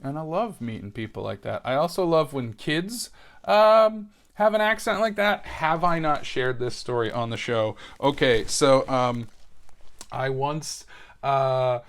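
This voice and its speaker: A man's voice: mid-range voice, animated, measured pace, fairly bright tone, smooth. A young man from New England hosting a casual solo episode, chatting and rambling with lots of fillers while he builds a Lego set. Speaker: podcast host.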